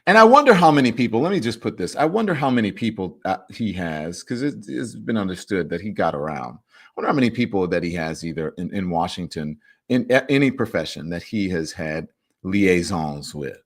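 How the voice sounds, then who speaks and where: A male talk show host with a somewhat low-pitched voice, running a livestream and reading out comments from viewers. He talks in an animated, emphatic way and adds playful, teasing asides. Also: a little fast.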